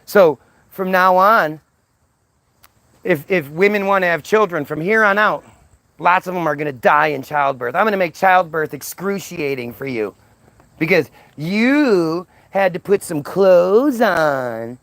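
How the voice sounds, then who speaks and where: Man doing crude yelling God, raised pitch, gravelly edge, bossy and petulant. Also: animated, a little slow, no room sound, exaggerated voice. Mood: scolding. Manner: shouting, crude, exasperated. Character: petulant foul-mouthed male God, bossy.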